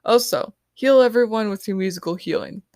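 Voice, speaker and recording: A woman voicing a young female team leader who gives quick, quiet orders. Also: mid-range voice, no room sound, studio quality, voice pushed up, lightly acted. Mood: urgent. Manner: hushed, hurried orders.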